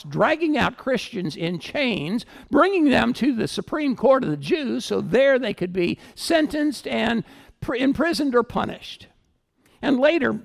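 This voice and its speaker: A male pastor preaching in a sermon, his fairly high voice rising and falling with great animation. There is a gravelly rasp in his tone, and he swings between loud emphasis and hushed asides. His voice carries through a church hall with a long reverb.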